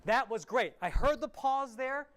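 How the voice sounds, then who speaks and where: Animated male piano teacher coaching a student. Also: very high-pitched, measured pace. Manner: encouraging, animated, restarts and fillers, sings rhythms. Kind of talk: remote masterclass coaching. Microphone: remote livestream mic.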